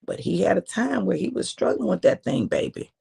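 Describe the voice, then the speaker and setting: A woman preacher telling a sermon story in a conversational way, with drawn-out phrasing and quiet emphasis. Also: mid-range voice, wildly swooping pitch, vocal fry, breathy edge.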